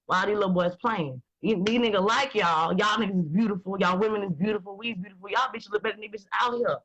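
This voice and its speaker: A woman, talking in blunt, profane and animated casual chat as host. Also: medium pitch, quick pace, slightly rough, lo-fi sound. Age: 20s.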